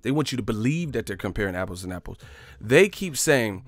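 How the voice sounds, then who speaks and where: A man's voice: lowish voice, lively intonation, fairly quick, dry recording. A man hosting a boxing livestream, cursing, joking and laughing often in casual banter.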